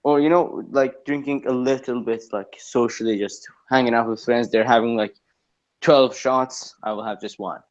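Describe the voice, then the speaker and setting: A man chatting casually, middle-pitched and rambling, leaning on okay and you know between thoughts. The recording sounds dull and lo-fi. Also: steady tone, moderate pace. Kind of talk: casual chat.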